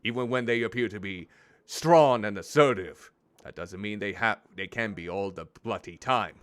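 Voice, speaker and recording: A man streaming a game, chatting in an expressive, self-deprecating way. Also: fairly low pitch, moderate pace. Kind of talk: gameplay commentary.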